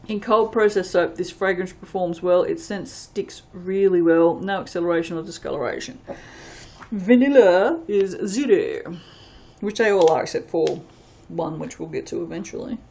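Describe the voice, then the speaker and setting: A woman's voice: on the low side, normal speed, gravelly, a little mellow, highs cut off. A woman chatting casually as she reviews soap fragrances, rambling and reading product blurbs aloud. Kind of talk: casual unboxing chat.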